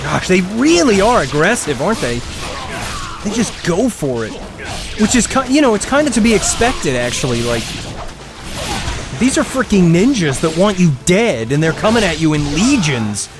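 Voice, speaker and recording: A young man streaming a game, chatting excitedly, laughing often and reading viewer comments aloud. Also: high voice, moderate pace, over music. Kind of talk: casual live gameplay commentary.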